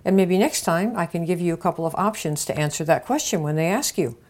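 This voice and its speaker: Lively woman coaching on a podcast. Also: fairly low pitch, fast talker. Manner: acts out little dialogues with lively shifts of tone. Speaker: podcast host, marketing coach. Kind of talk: casual instructional podcast.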